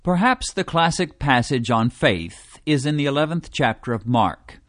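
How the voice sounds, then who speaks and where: A man reading a devotional teaching in a measured way, slowing down to stress quoted scripture. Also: medium pitch, lively intonation, fairly bright tone, no echo, clean studio sound. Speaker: preacher.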